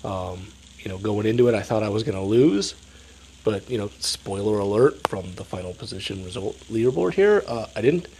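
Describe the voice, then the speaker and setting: A man's voice: lowish voice, animated, normal speed, noisy background. Stuffed-up man commenting on gameplay. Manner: analytical, explaining moves step by step. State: stuffed up, sniffling. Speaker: strategy game commentator.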